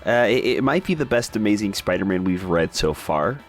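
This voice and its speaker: A man co-hosting a comic book podcast in casual chat, relaxed and agreeable, with short reactions. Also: fairly low pitch, fairly quick, faint music behind. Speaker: podcast co-host.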